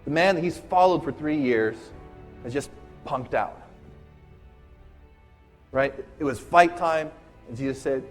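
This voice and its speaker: A man's voice: mid-range voice, measured pace, long pauses, faint music behind. A man preaching a casual, conversational sermon, retelling a story and often checking in with "right?". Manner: casual, chatty, keeps asking "right?".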